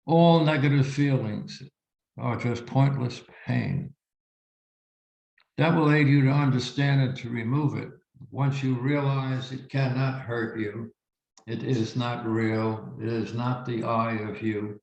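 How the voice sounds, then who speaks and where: A reverend speaks in a gravelly, fry-edged voice, teaching slowly and reflectively with deliberate pauses. His voice sits in a roomy space, and the recording sounds dull and lo-fi. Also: medium pitch, steady tone, a little mellow. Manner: slow, reflective storytelling with emphatic pauses. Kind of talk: spiritual teaching talk.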